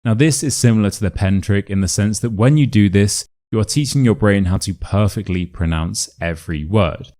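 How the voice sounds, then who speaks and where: A man with a Modern RP British accent teaching a pronunciation lesson, speaking clearly and with careful enunciation in an upbeat coaching manner. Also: on the low side, moderate pace, few pauses, mellow.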